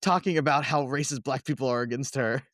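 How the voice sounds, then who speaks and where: A man's voice: mid-range voice, fairly quick, a bit bright, no room sound, clean studio sound. A man from Kentucky co-hosting a podcast, telling wry, laid-back stories in casual chat. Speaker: podcast co-host.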